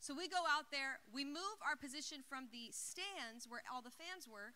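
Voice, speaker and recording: A young woman giving a youth service message, telling a story in an excited, chatty way with lots of "like" into a handheld mic. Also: high voice, moderate pace. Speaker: youth speaker.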